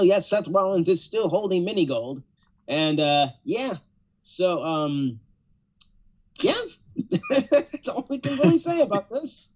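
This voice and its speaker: A man hosting a podcast, chatting casually and laughing between thoughts. His voice sits a little high. The audio is dull and lo-fi. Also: animated, normal speed. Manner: laid-back, laughing, "yes sir" affirmations. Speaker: podcast host. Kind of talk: casual chat.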